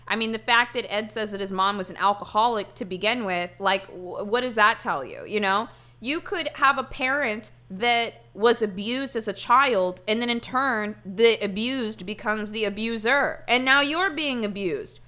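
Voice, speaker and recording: Reacting to a true crime interview, a woman streamer speaks at a moderate pace with barely any pauses, her high voice pushed and bright. Her casual commentary is blunt, profane and incredulous as she argues with chat.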